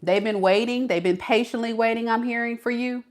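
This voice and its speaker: A woman's voice: on the high side, fairly even intonation, brisk. A woman reading tarot cards for her audience. She is sassy and playful, and she drops slang as she talks straight to the listener. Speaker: tarot reader.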